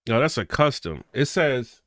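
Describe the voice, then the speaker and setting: A man hosting a loose late-night reaction stream, his voice swinging up and down as he talks. His tone is bright and forward, recorded close and dry with no room sound. He reads out viewer comments and laughs often. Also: medium pitch, very animated, moderate pace, dry recording.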